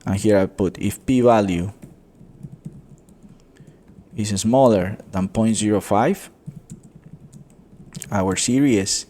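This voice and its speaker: A man teaching a coding tutorial, explaining step by step, often calling viewers "guys" and pausing with fillers. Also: on the low side, a little mellow. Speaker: economics tutor. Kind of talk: screen-recorded coding tutorial.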